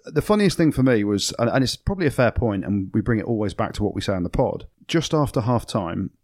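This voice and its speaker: An English former rugby player hosting a podcast, opinionated and teasing in casual sports banter. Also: male voice, on the low side, sing-song, quick pace, darkish tone, no room sound. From England.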